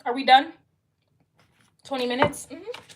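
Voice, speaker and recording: High-voiced, blunt tarot reader woman. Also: measured pace, a little hiss or hum. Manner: blunt, profane, emphatic. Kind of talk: casual tarot reading monologue.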